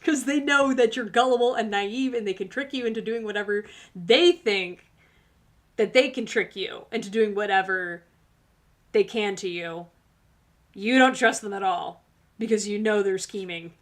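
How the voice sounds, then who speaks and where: A woman hosting a tarot livestream, talking casually and sassily to her viewers and laughing often. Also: a little high. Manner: sassy, laughs often, talks straight to viewers. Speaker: tarot reader and livestream host.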